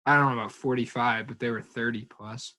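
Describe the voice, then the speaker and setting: A man's voice: mid-range voice, steady tone, brisk, bright, forceful tone. A young man co-hosting a casual podcast, making dry joking asides. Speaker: podcast co-host. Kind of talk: casual chat.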